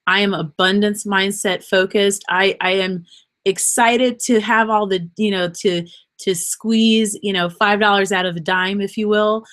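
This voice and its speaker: An earnest woman gives an unscripted motivational talk, rambling and encouraging. She sounds emotional and close to tears, and her voice sits at a middle pitch. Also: fairly even intonation, a little slow, fairly bright tone. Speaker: podcast host.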